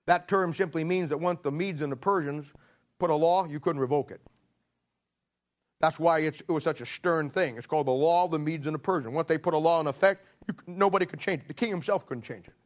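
Give me a middle-aged male preacher who tells the story with animated, acted-out storytelling. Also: on the high side, brisk. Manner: animated storytelling, acting out scenes. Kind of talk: sermon.

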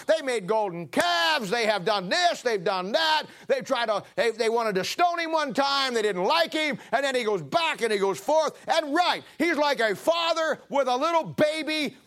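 High, animated preacher man. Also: normal speed, hardly any pauses. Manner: animated preaching, acting out a biblical figure's complaints in a raised voice. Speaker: pastor. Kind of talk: sermon.

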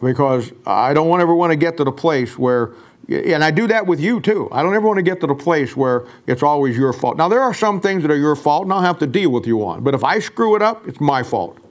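An older man, a pastor, preaching a sermon in a folksy storytelling way and going soft and quiet when he quotes himself. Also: on the high side, expressive, fairly quick.

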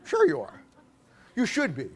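A man preaching a sermon in an animated, humorous way, stammering restarts and acting out little scenes. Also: extremely high pitch, moderate pace, creaky.

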